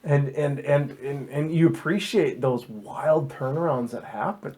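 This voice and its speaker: A man with a fairly high voice hosts a casual Bible discussion podcast. He is animated and jokey, and he stumbles over his words and repeats himself as his thoughts run ahead. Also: measured pace, slightly rough. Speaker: podcast host.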